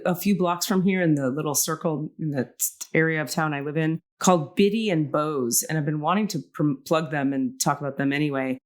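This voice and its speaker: A middle-aged woman hosting a podcast in casual chat, emotional and gushing, talking in quick bursts with restarts. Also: fairly low pitch. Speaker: podcast host.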